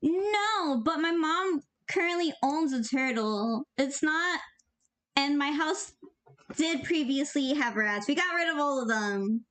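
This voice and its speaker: A woman's voice: high-pitched, slow pace, fairly bright tone. A young woman and animator chatting casually as she works, rambling and joking while handing out offhand tips. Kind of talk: casual commentary while working.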